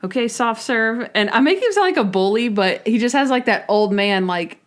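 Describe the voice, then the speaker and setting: A woman's voice: medium pitch, a little fast. A woman co-hosting a podcast in casual chat, retelling scenes with lots of acted-out quotes. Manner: animated retelling, acting out scenes in quoted voices. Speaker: podcast co-host.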